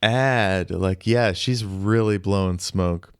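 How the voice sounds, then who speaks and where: A man co-hosts a podcast about a film, speaking slowly with a low-pitched voice. He jokes in a dry, offhand way. The recording is close and dry, with no room sound. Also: clear, resonant tone, no room sound. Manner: slow, dry and joking. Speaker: podcast co-host. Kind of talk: casual film discussion.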